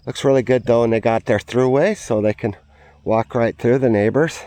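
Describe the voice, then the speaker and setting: A man's voice: mid-range voice, steady tone, normal speed, dark tone, no echo. A man walking his farm outdoors, rambling in an upbeat, sweary, casual vlog to a handheld camera. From United States. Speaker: vlogger, farm owner.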